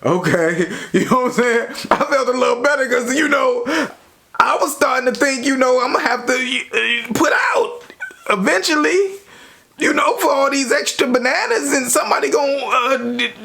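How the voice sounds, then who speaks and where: A young man casually telling a story from his own life to his viewers, in a slangy, relaxed way. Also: extremely high pitch, moderate pace, gravelly. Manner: slangy, relaxed, lots of "you know". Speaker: YouTuber.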